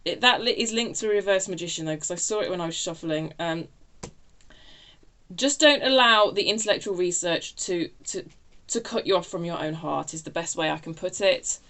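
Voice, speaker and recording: A woman's voice: lowish voice, moderate pace, sharp tone. Chatty, self-interrupting woman reading tarot. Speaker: tarot reader.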